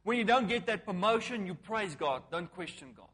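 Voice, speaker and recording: A man, preaching a sermon as a pastor, emphatic and repetitive, swinging from loud calls to hushed lines. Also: high voice, moderate pace, slightly rough. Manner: repetitive, call-and-response phrasing.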